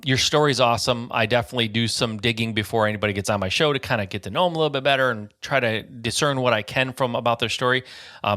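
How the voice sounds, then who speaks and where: A man's voice: mid-range voice, pushed and bright, dry recording, studio quality. A man hosting a podcast, introducing his guest in an upbeat, chatty way. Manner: upbeat, chatty, frequent fillers. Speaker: podcast host.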